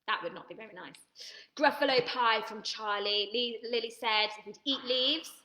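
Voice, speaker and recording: A woman's voice: fairly high pitch, normal speed, bright, forceful tone, echoey room. A woman leading an online drama workshop for children, cheerful and reading out viewers' comments, laughing and gasping often.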